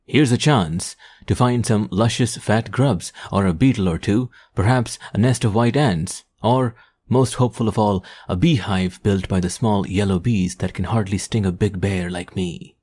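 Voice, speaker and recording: Clumsy greedy sloth bear as a man puts him on, low husky voice, quiet musing thoughts, audiobook story. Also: normal speed, dry recording.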